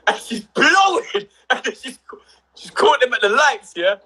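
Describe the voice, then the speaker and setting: A young man, telling a story on a casual livestream with rising excitement and shouts. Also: very high-pitched, a little slow, slightly rough, rough recording. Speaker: livestream co-host.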